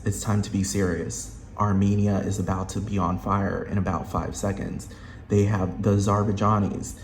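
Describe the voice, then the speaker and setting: A man's voice: low-pitched, a little mellow. A man ranting in an emphatic, rambling, repetitive way full of profanity. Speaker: vlogger. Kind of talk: profane rant. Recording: roomy echo, faint hum.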